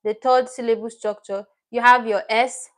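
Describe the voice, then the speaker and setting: Teaching Korean over a livestream, this woman speaks at a moderate pace with a slightly high voice and fairly even intonation. Her explanations go patiently step by step, and each word she teaches gets repeated.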